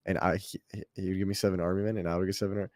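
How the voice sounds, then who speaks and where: A young man chatting casually as a podcast co-host, rambling and excitable, swearing often. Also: low voice, rapid-fire, dry recording. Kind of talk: casual chat.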